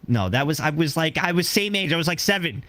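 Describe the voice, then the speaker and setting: A man's voice: on the high side, animated, quick pace, a bit bright, no echo. A young man who is a guest on an interview stream, rambling through stories and repeating himself. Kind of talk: casual interview chat.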